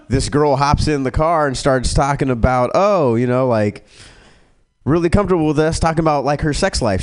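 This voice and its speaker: Rambling, profane stand-up comedian man. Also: a little mellow. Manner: rambling and profane, with many fillers; acts out characters in a raised pitch.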